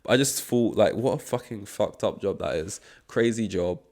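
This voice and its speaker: A man's voice: fairly low pitch, normal speed, darkish tone. A young man rambling through a casual solo podcast monologue, swearing often, with many fillers and restarts. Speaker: podcast host.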